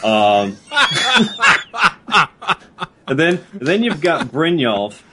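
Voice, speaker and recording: A man co-hosting a podcast in casual chat about a video game, halting and laughing as he talks. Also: mid-range voice, sing-song, fairly bright tone, slight background noise. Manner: halting, laughing, lots of fillers. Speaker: podcast co-host.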